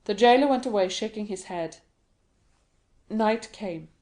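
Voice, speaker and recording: A woman reading an audiobook of a classic novel in a steady, even narration. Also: medium pitch, measured pace. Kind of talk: scripted narration.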